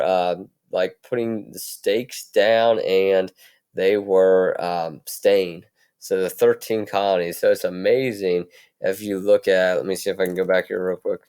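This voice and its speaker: Low-voiced teacher, smooth and casual. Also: male voice, darkish tone. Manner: casual, many fillers and restarts. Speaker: history teacher. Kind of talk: recorded video lesson.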